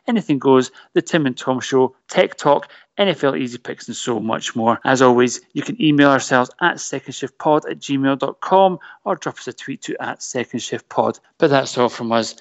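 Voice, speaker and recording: A man co-hosting a podcast, briskly reading out show plugs with cheeky jokes. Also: medium pitch, no room sound. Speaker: podcast co-host. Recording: dry, slightly lo-fi home mic.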